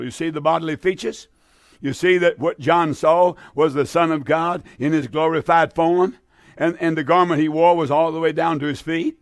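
A man delivers a fervent radio sermon with a somewhat high-pitched voice, stumbling and repeating himself as his excitement builds. The sound is dry and close to the mic, with no room around it. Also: normal speed, no echo. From American South. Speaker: radio preacher.

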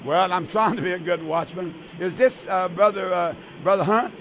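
High-voiced older preacher. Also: male voice, normal speed, a little hiss or hum. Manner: warm, emphatic, repetitive preacher's talk. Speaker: pastor and radio call-in host. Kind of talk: religious radio call-in show.

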